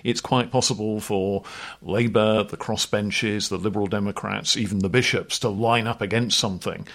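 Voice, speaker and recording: Gravelly low-voiced man, wry. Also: fairly even intonation, moderate pace, a bit bright. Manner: wry, informal, jokey asides. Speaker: podcast co-host. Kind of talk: explanatory chat.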